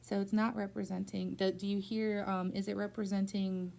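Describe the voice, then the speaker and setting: A woman teacher works one-on-one through a phonics lesson in a school room. Her voice is mellow and dark, with a gravelly rasp at the bottom. She is patient and slowly draws words out syllable by syllable so they can be heard. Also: medium pitch, flat delivery.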